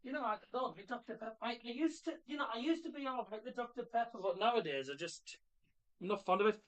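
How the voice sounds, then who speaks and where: A man hosting a casual live football watchalong, chatting in a rambling, jokey way and reacting loudly to the game. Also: very high voice, fast. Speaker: livestream host. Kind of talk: casual match watchalong chat.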